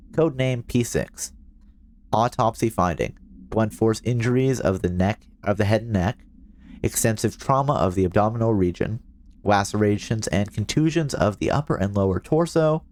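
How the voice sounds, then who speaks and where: A man streaming a game, cracking jokes and reading documents aloud in a fairly low voice. There's a faint hiss in the background. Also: darkish tone. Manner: joking, reads documents aloud. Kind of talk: casual gameplay commentary.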